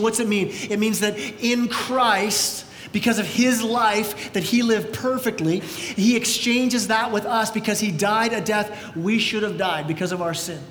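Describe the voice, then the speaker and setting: Male pastor, sermon, high voice, energetic, repeats words, echoey church hall, faint rumble. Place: large church sanctuary.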